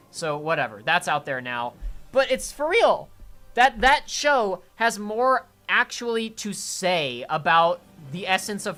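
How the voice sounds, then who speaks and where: A man's voice: high voice, sharp tone. A young man streaming a game, giving sarcastic, mock-serious commentary.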